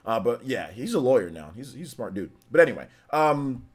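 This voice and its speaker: Animated man telling stories on a live stream. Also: mid-range voice, fairly quick, slightly rough. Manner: animated storytelling, shouting when excited. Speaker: livestream host. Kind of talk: casual live-stream chat.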